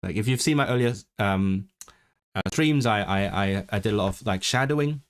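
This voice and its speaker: A man's lowish, clean-toned voice moves at a moderate pace on a desk microphone. During a casual livestream on language learning, he reads chat, thinks aloud with frequent restarts, and switches into learner's Welsh with lively intonation; his first language is English.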